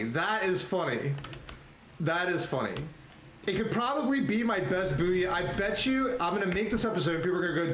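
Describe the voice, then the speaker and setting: A man chatting casually on a live game stream, excitable and rambling, laughing often. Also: high-pitched, normal speed, slight background noise. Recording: echoey room with faint ambience.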